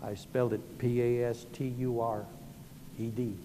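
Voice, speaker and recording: Southern pastor preaching in a hall. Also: male voice, medium pitch, flat delivery, normal speed, noisy background. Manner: folksy storytelling, self-deprecating. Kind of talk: sermon.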